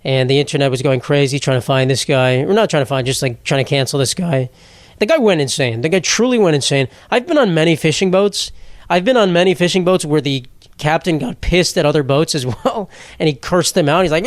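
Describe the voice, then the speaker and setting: A man's voice: a little high, expressive, brisk, dry recording. A young man hosting a solo comedy podcast, rambling and sarcastic, swearing freely and laughing at his own jokes. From New York.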